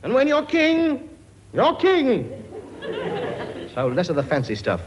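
A man's voice: very high voice, wildly swooping pitch, slow pace, dull audio, noisy background, exaggerated voice. A man playing a bossy, boastful comic king in a sitcom, blustering and scolding in a chummy way. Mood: brusque. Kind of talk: sitcom acting before a laughing audience.

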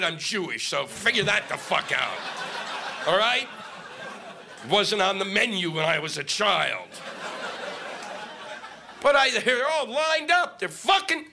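A man's voice: on the high side, vocal fry, background noise. A middle-aged man doing a stand-up comedy set on stage, ranting and exasperated, swearing often. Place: stage before an audience.

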